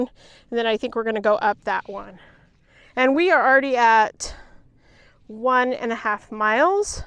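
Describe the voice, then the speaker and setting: A woman's voice: on the high side, fairly bright tone, clean tone, no room sound. A woman vlogging casually while hiking outdoors on a hillside trail, a little out of breath, chatty and chuckling as she talks to her dog, recorded on a handheld pocket camera. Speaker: travel vlogger.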